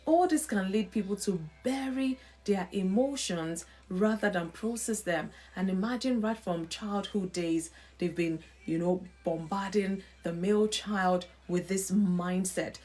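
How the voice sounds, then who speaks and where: A woman hosting a live-stream talk on emotional health, speaking in an expressive, preacher-like way with lively emphasis. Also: mid-range voice, measured pace, hardly any pauses. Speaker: host.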